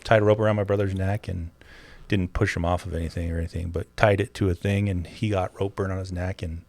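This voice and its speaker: A man's voice: deep voice, little pitch movement, quick pace, a little mellow, no echo. A man talking in a casual podcast conversation, explaining his work step by step and telling stories with a laugh. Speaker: forensic interviewer, podcast guest.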